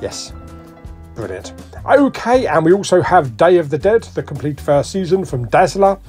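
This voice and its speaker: Brit guy rattling off prices as he walks the shelves, lively up and down voice, bit high, faint music behind. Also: normal speed, husky. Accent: British English. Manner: chatty, jokey, lively, ticks off titles and prices. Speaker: vlogger. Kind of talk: casual shop walk-through commentary.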